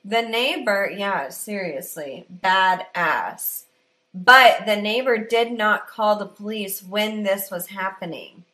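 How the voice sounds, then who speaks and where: A woman with a bright, forward voice walks through a true-crime case in casual chat. She swears freely and keeps the tone joking. Her pitch sits in a middle range. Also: takes it slowly. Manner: profane, laughs often, storytelling. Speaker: podcast co-host.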